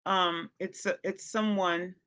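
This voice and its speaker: A woman's voice: fairly low pitch, fairly even intonation, slow, a bit bright, clear, resonant tone. A woman hosting a casual livestream, talking straight to her chat and scolding viewers in exasperated bursts, with features in her speech. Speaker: livestream host.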